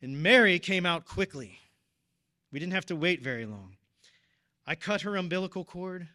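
A man's voice: sits high, expressive, moderate pace, sharp tone. A man in his thirties preaching, telling a personal story in an earnest, emotional way. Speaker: deacon or preacher at a parish. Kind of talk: personal testimony in a sermon.

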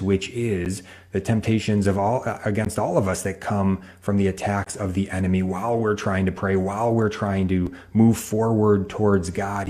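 A man hosting a religious talk show, speaking in a measured, explanatory way with occasional fillers. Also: fairly low pitch, mellow. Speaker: host.

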